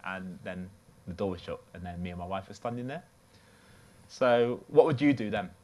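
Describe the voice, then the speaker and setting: A man's voice: low voice, steady tone, normal speed, dark tone. Chatty man preaching. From United Kingdom. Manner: conversational storytelling, loose and chatty. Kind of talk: sermon.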